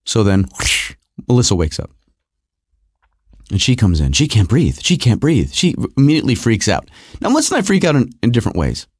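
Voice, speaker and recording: A middle-aged man telling a personal story in an animated, repetitive, self-mocking way. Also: mid-range voice, fairly quick, pauses often, husky, no room sound, studio quality.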